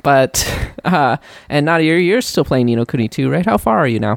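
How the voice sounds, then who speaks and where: Wry woman hosting a podcast, lively. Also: low-pitched, fairly quick, creaky, dry recording. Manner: wry, teasing. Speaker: podcast host. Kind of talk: casual podcast chat.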